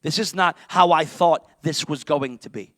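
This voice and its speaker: Gravelly high-voiced male pastor preaching. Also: normal speed, no room sound. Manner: impassioned, swings from shouting to near-whispers. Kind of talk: sermon.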